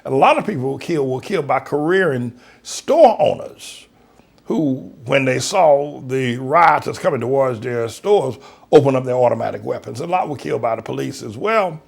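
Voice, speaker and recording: A male pastor giving a preached commentary in a folksy way, swinging from low musing to high, laughing exclamations. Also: expressive, normal speed, gravelly, breathy edge. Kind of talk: preached commentary on current events.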